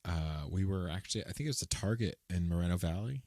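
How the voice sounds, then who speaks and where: A young man co-hosting a casual podcast, retelling a story in a lively, animated way. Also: sits low, quick pace, no room sound, studio quality. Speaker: podcast co-host. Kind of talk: casual chat.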